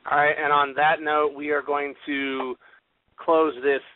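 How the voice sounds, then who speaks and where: A man's voice: on the high side, level tone, measured pace, slight background noise. A man hosting a talk radio show in a businesslike way, keeping the show moving. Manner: businesslike, moves the show along. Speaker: radio host. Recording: dry, phone-like line.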